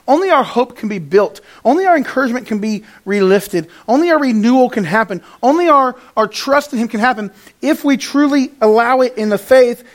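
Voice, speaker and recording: A man preaching a sermon to his congregation, moving between raised, emphatic passages and quiet, hushed ones, and acting out the lines he quotes. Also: extremely high pitch. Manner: animated, swings from loud to hushed, acts out quotes. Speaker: pastor.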